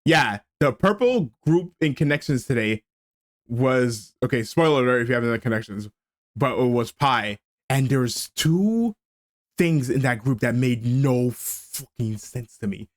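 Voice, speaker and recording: A man's voice: mid-range voice, measured pace, no echo. Man ranting while streaming a game. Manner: animated ranting, stammering restarts. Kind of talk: casual game commentary.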